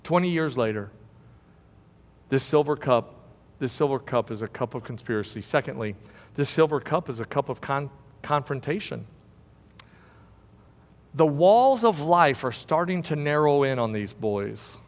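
A man's voice: mid-range voice, animated, unhurried, pauses often, in a large hall. A man preaching a sermon as pastor, emphatic and repeating key words for stress.

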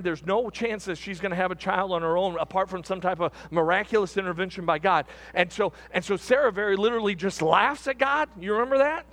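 High-voiced male pastor preaching. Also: a bit bright. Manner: conversational, repeats phrases, asks the congregation questions. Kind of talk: sermon.

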